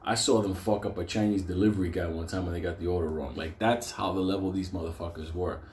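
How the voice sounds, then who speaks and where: A man's voice: deep voice, steady tone, quick pace, darkish tone, a little hiss or hum. A man telling a story casually, rambling, laughing and swearing a lot. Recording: roomy echo.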